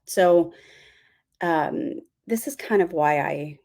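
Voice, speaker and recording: A woman's voice: fairly low pitch, slow, creaky, darkish tone. A woman giving a casual spiritual talk as host of her channel, rambling with many fillers and apologies.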